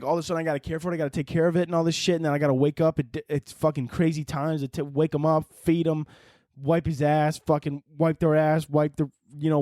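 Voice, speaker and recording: A man's voice: on the high side, no room sound, clean studio sound. Profane, rambling young male podcast host. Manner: profane, animated, rambling with restarts. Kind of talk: casual rant.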